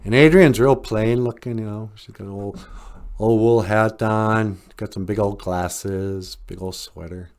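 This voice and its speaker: Low-voiced relaxed male storyteller. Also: unhurried. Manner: relaxed, rambling with fillers and chuckles. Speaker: podcast host. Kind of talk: casual spoken storytelling.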